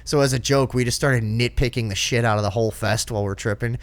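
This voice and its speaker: A man's voice: medium pitch, fast, no echo. A man co-hosting a casual podcast, telling a rambling story with lots of swearing and mimicking the people in it. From northern United States. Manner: profane, animated, mimics people he talks about. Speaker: podcast co-host.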